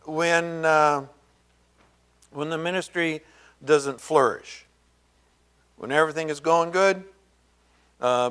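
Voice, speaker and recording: A man preaching a sermon as pastor, conversational and rambling, full of fillers and asides, and raising his pitch to act out quoted voices. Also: a bit bright, smooth.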